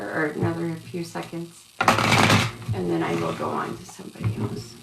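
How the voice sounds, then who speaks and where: A woman's voice: low-pitched, very animated, normal speed, creaky. A woman giving casual live-stream tarot readings, rambling and calling viewers love and sweetheart. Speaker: tarot reader. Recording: echoey room with faint background noise.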